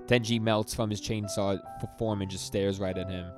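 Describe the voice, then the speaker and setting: A young man co-hosts a podcast, rambling through a manga recap in casual chat, stammering into frequent restarts and acting out quotes. His voice sits on the low side with a steady tone at a normal speed. Music plays underneath the recording.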